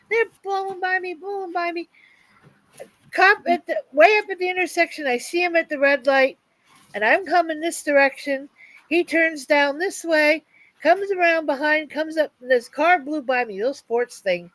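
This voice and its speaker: A woman's voice: high-pitched, moderate pace, a bit bright, dry recording, poor audio. A woman hosting a casual chat, telling stories in a drawling way. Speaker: host.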